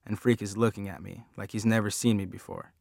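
Low-voiced man narrating a story. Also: fairly even intonation, a little fast, vocal fry, darkish tone, dry recording, clean studio sound. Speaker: audiobook narrator. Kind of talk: first-person story narration.

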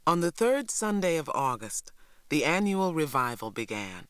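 A man narrating an audiobook in an even, measured way, close to the mic. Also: a little high, clean tone, no echo. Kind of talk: scripted narration.

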